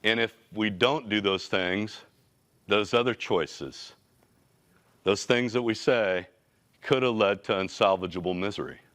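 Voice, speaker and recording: Casual, energetic man telling stories. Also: on the low side, unhurried. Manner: energetic, casual, slangy storytelling. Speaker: company CEO, guest speaker. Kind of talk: motivational storytelling talk.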